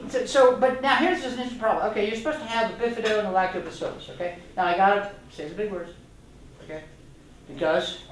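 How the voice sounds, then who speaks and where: An older man, a retired doctor, giving an enthusiastic, rambling informal lecture to a club audience and joking with them. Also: high voice. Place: meeting room. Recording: echoey room, voice from a distant mic.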